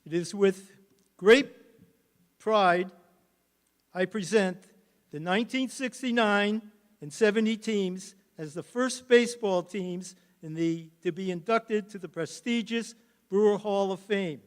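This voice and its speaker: The speaker is an older former coach, voice sitting high and clean in tone, delivering a halting, emotional hall of fame induction speech.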